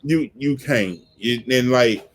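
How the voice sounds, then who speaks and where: A man hosting a podcast, talking in an animated way and repeating words when he gets excited. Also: mid-range voice, slow pace. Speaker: podcast host. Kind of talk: casual chat, music commentary.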